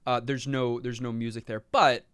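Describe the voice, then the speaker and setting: A man's voice: mid-range voice, level tone, normal speed, fairly bright tone, smooth, no echo, studio quality. A man co-hosting a casual podcast chat, thinking aloud with restarts and trailing asides. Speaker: podcast co-host. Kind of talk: casual chat about a retro game.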